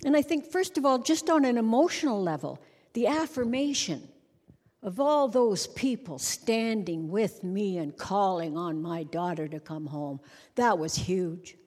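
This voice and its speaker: A middle-aged woman giving a humorous storytelling sermon at a conference, animated and conversational, sometimes breaking into song to make a point. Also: medium pitch, unhurried. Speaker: conference speaker. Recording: long reverb of a large hall.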